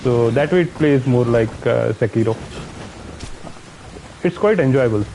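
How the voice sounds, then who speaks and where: A man's voice: medium pitch, a little slow, mellow, a little hiss or hum, rough recording. A man from India with an Indian accent, giving casual commentary on his own gameplay, muttering to himself and chatting with viewers. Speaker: streamer.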